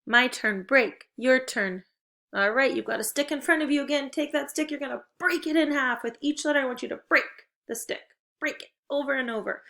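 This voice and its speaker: A woman teaching children in a recorded video lesson, giving encouraging, clearly paced instructions and drawing out key words slowly. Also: high voice, sharp tone. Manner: stretches out target words slowly.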